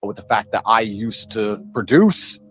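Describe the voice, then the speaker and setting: A man's voice: fairly low pitch, lively intonation, a little slow, slightly rough, faint music behind. A man telling a story in a brash, boastful way, swearing freely and acting out both sides of conversations.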